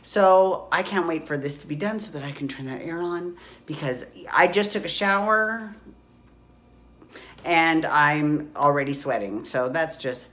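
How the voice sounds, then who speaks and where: A woman in her forties recapping reality TV in a gossipy, profane, excitable way, recorded on a phone at home. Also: on the low side, measured pace. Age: 40s. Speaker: podcast host. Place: hot room at home.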